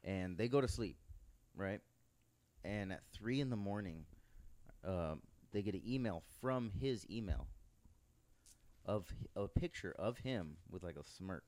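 A man's voice: on the low side, measured pace. A man hosting a podcast, chatting casually with short agreements and rambling storytelling. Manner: relaxed, frequent short agreements, loose storytelling. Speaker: podcast host. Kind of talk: casual chat.

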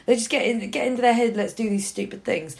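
Swearing, animated woman storyteller. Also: on the high side, quick pace, creaky. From Norfolk, England. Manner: animated storyteller, swears freely, slips into voices for her parents. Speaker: podcast co-host. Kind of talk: casual chat.

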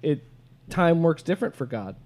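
A man's voice: a little high, very animated, normal speed, darkish tone. A man hosting a casual podcast chat, talking with many hesitations and restarts. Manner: hesitant, restarts, reads quotes aloud. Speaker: podcast host.

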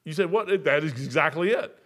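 Male preacher, 60s, homespun storyteller, slightly high voice. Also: brisk. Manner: folksy, storytelling, gets loud and animated telling jokes. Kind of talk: sermon.

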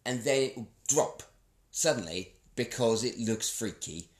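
A man's voice: medium pitch, animated. A man from Essex with a posh-sounding English accent talks casually as a podcast co-host. He restarts often and laughs between thoughts, over a mid-range voice. The room is echoey. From Essex, England. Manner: halting, many restarts, frequent laughs. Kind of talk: casual chat.

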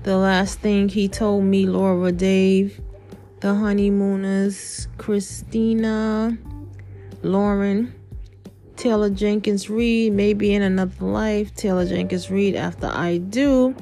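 A woman's voice: medium pitch, flat delivery, slow pace, dark tone, soft background music. Chatty woman with a drying voice. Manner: chatty, filler-heavy, spells out names. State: losing her voice, dry throat. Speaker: podcast host. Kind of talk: casual book recommendations.

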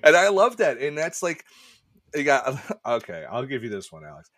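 A man's voice: medium pitch, huge pitch swings, normal speed, a bit bright, no room sound, studio quality. A man in a casual review podcast, talking enthusiastically and animatedly and swearing casually.

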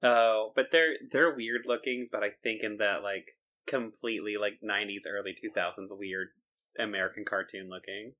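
A man's voice: lowish voice, steady tone, moderate pace, pushed and bright. A man co-hosting a podcast, chatting casually about a cartoon and laughing often. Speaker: podcast co-host. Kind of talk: casual chat reviewing a cartoon.

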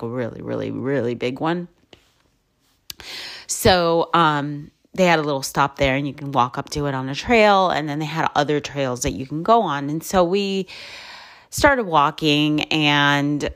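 A chatty woman with a notably low voice, recounting road-trip moments in a casual, rambling way. She piles on fillers and self-corrections and gets lively as her stories build. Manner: rambling, with many fillers and restarts. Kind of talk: casual travel storytelling.

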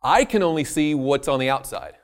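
A man preaching a sermon, telling a story with lively jokey asides. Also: mid-range voice, a little fast.

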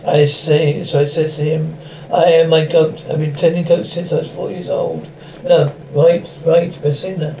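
An actor voicing a crude villager who tells a bawdy tale in a rough, indignant way in an animated series, heard in muffled, lo-fi film audio. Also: male voice, a little high, moderate pace, a little hiss or hum, lightly acted. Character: crude coarse male villager telling a bawdy tavern tale.

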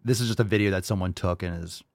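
A man's voice: low voice, fast talker, creaky, dry recording, studio quality. A man hosting a livestream show, reacting to clips in a blunt, mocking, sarcastic way. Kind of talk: casual reaction commentary.

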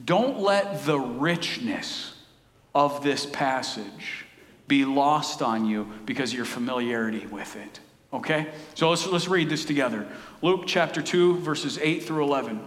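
A man's voice: fairly high pitch, measured pace. Earnest preacher man in an echoey hall. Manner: earnest, animated, repeats words when building a point. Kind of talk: sermon.

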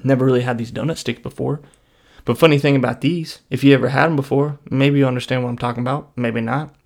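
A man vlogging, telling a meandering comic story in a laid-back deadpan way. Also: medium pitch, fast, gravelly. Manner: meandering, deadpan, lots of "you know".

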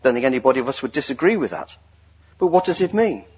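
A man giving a sermon in a joking, lively way, drawing the congregation into an exercise. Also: mid-range voice, fast talker, slightly rough. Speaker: lay preacher. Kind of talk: sermon with audience participation.

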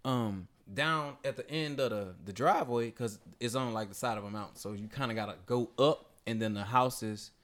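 A man's voice: medium pitch, moderate pace, hardly any pauses. A man on a podcast, telling a story in casual, profane chat and acting out the people in it. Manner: animated, profane storytelling with voiced quotes. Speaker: podcast host.

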